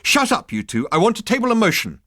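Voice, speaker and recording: A man's voice: sits high, huge pitch swings, quick pace, bright, forceful tone, dry recording, clean studio sound, voice pushed up, exaggerated voice. A man voicing a strident, bossy young woman from marketing who lectures insistently.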